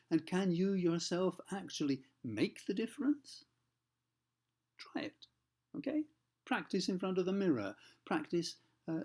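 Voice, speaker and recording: A man teaching pronunciation, explaining patiently, slowing down to demonstrate sounds and often checking in with the listener. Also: on the high side, a little mellow. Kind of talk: explanatory lesson for learners.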